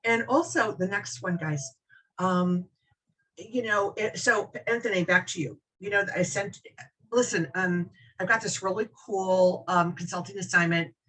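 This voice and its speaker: A woman's voice: medium pitch, a little slow, a bit bright, rough recording. A middle-aged woman teaching a recorded business workshop, chatting with attendees by name and checking in with "okay?" after each point. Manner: conversational, addresses attendees by name, frequent "okay?" check-ins. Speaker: business trainer.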